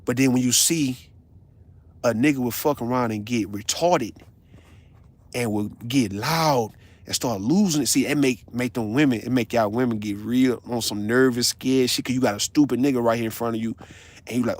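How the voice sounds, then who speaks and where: A man, ranting on a casual livestream in a blunt, profane, animated storytelling way. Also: medium pitch, a little fast, no room sound. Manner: blunt, confrontational.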